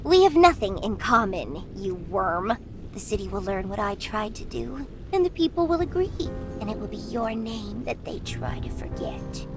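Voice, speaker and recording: A woman's voice: medium pitch, sing-song, normal speed. A woman voicing a haughty, scheming female cat villain in a video game, sneering and gloating theatrically. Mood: scornful. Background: game music.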